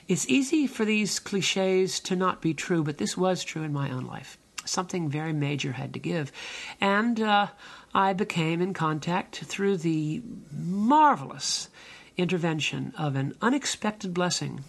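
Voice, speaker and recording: An older man, a minister hosting his own podcast, giving a slow, meandering spiritual monologue full of fillers and restarts. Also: on the high side, lively intonation, gravelly.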